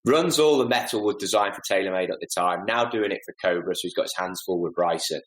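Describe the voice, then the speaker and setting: Man, 40s, low-ish voice, animated self-deprecating storyteller, roomy echo. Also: quick pace. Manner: animated, self-deprecating anecdotes with lively acted-out asides. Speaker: podcast guest, golf club fitter. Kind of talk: casual storytelling interview.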